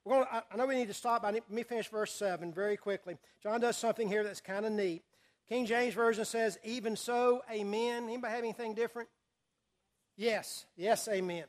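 A man's voice: sits high, quick pace. A man teaching a Bible study, reading scripture aloud and quizzing his listeners with questions. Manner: asks the audience questions and reads scripture aloud. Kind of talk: sermon-style Bible study.

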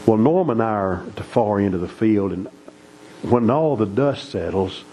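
Middle-aged guy preaching, low voice, folksy family stories, faint hum behind. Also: animated, normal speed, warm tone, rough recording. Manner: folksy, earnest storytelling. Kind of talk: sermon storytelling.

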